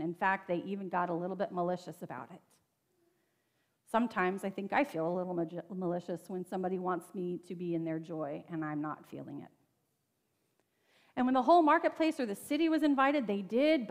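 A woman pastor giving a sermon in a conversational, earnest way, with asides to her listeners. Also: mid-range voice. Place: church sanctuary. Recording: long church reverb.

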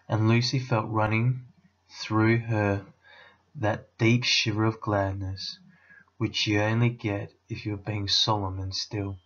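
A man, a teacher, reading a children's novel aloud with expressive storytelling. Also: on the low side, slow pace, dull audio.

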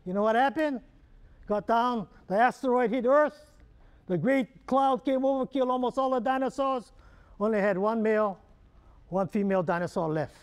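A man's voice: very high voice, normal speed, clean tone. A man with a Hawaiian Pidgin accent giving a humorous keynote talk, joking and quizzing the audience with questions. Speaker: keynote speaker.

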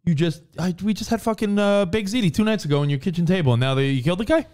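A man co-hosting a casual podcast, talking in an excitable way, swearing freely and jumping in with quick remarks. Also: high-pitched. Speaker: co-host.

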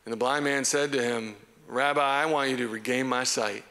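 A man preaching a sermon as pastor, animated and conversational. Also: medium pitch, normal speed, big-room sound. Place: church hall.

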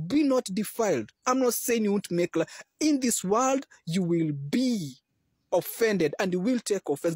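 A man's voice: high voice, darkish tone, husky, no echo, clean studio sound. A man preaching a sermon, exhorting listeners and rising to emphatic peaks. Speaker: Christian preacher.

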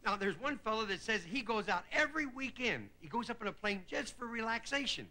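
A comedian in his fifties delivering a stand-up monologue, chuckling at his own gags and dropping into quick character voices. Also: high-pitched, sing-song, pushed and bright. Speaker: comedian host. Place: television studio stage with live audience.

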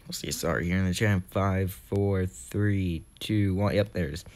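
A young man with a scratchy throat calling a video game race, getting excitable as the crashes pile up. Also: sits low, normal speed. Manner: excitable, rising to shouts at crashes. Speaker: race commentator.

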